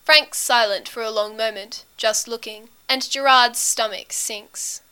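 A woman reads a story aloud in a steady, intimate way. Her voice is bright and crisp, sitting a little high, and very smooth. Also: a little slow. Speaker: reader. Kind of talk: audiobook story narration.

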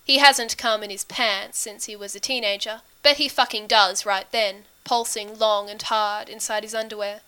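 A woman narrating a story as an audiobook reader, in a steady, intimate storytelling manner. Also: medium pitch, moderate pace, hardly any pauses, clear, resonant tone.

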